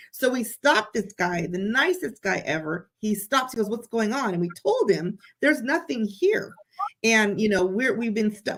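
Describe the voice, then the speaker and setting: A woman chatting as a guest, telling a story in an excited, animated way. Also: a little high. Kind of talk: casual chat.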